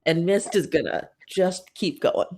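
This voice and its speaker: A woman player at a tabletop game, chatting casually with the group. She talks haltingly and fills her sentences with "like". Her voice sits a little low. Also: darkish tone, a little hiss or hum. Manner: hesitant, lots of "like".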